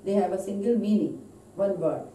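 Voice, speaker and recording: A woman teaching an English lesson on word stress, speaking slowly and deliberately in Indian English and stressing each example word. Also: medium pitch, warm tone, distant mic, slight background noise. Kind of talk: recorded lecture on word stress. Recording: echoey room, voice off-mic.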